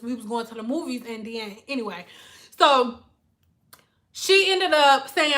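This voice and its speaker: Animated, profane woman from Detroit. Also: on the high side, normal speed. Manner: animated, profane, thanks donors mid-story. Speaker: hairstylist and livestream host. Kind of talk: livestream storytelling.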